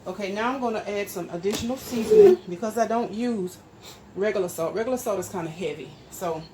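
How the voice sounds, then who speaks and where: A woman's voice: mid-range voice, brisk. A woman hosting a casual cooking demonstration, chatting straight to her viewers and explaining each step as she stirs and measures. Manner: explains steps while stirring and measuring. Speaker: home cook and channel host. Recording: steady background noise.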